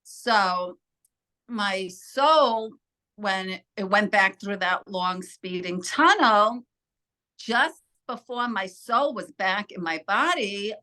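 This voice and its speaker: A woman being interviewed as a spiritual healer, earnestly telling a personal story with halting restarts. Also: medium pitch, animated, sharp tone.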